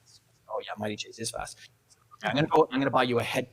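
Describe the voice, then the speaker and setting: A middle-aged man addresses an awards event with a motivational speech. He tells his stories with energy, acts out the dialogue, and drops into soft asides. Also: lowish voice, rapid-fire, slightly rough, rough recording. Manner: animated storyteller acting out dialogue. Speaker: keynote speaker. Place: event hall.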